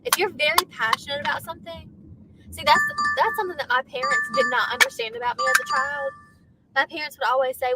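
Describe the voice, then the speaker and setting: Animated high-voiced woman. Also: brisk, very noisy. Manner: animated, talks loudly when passionate. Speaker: livestream co-host. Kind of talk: casual chat.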